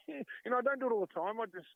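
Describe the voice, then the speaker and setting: A man's voice: very high-pitched, fast talker, vocal fry, no room sound. A man in his fifties with an Australian accent, a former player telling chatty anecdotes in an interview, acting out the voices he quotes. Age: 50s. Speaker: guest, former rugby league player. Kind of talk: storytelling interview talk. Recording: dry, tinny phone-like line.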